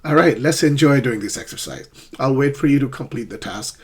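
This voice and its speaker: Husky, animated male English teacher. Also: medium pitch. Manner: checks in often with the learner, drills words slowly. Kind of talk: online pronunciation lesson.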